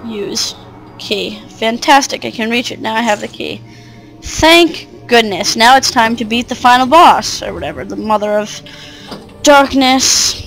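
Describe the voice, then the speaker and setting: A woman playing through a game and talking along, chatty, muttering asides and swearing a little. Her voice sits fairly high, with faint music behind. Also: a little slow, vocal fry, fairly bright tone, rough recording. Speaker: game player. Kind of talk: let's play commentary.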